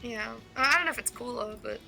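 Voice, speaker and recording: A woman's voice: fairly high pitch, a little fast, gravelly, pushed and bright, soft background music. A woman in her twenties with an Australian accent, co-casting a card game stream and chatting at length about her life. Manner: chatty, rambling, laughs often. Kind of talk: casual stream chat.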